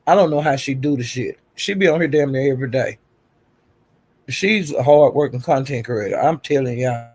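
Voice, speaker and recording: A man's voice: medium pitch, normal speed, a little mellow, breathy edge. A man hosting a casual livestream, gossiping and greeting viewers in the chat, calling them honey and child. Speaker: livestream host. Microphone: streaming setup.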